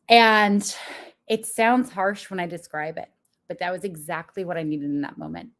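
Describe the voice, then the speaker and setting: A woman's voice: lowish voice, steady tone, normal speed. A young adult woman, a business coach, talking frankly and confessionally to viewers with frequent laughs. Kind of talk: candid motivational talk to viewers.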